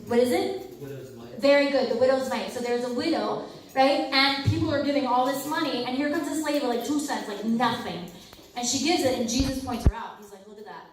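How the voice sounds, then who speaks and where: A young adult woman giving a lively storytelling talk, acting out the people in her stories and laughing often. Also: sits high, a little fast. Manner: animated, acts out quoted people, laughs often. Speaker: speaker at a campus ministry talk. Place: hall at a university ministry center. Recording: very echoey hall, mic far off.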